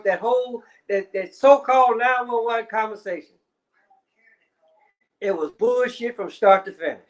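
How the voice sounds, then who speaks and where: Man, very high pitch, profane rant, repetitive, casual commentary. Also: a bit bright. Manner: repetitive, swearing, filler-heavy.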